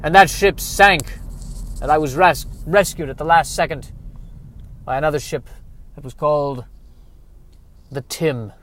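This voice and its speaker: A man's voice: a little high, normal speed, pauses often. A man hosting a solo podcast, rambling in a wry, self-mocking way while he drives. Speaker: podcast host. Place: car, driving.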